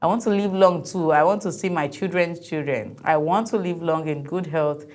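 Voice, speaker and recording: A woman's voice: lowish voice, moderate pace, a little mellow. A woman hosts a TV talk show, giving chatty, opinionated commentary on viral videos. She reads out viewer comments and laughs easily.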